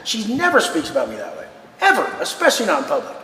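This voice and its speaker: A man talking loudly and fast with heavy swearing, cutting in over others. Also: high voice, wildly swooping pitch. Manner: loud, profane, talks fast and over others. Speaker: guest in a filmed conversation. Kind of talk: heated casual talk. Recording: roomy echoey room, faint noise.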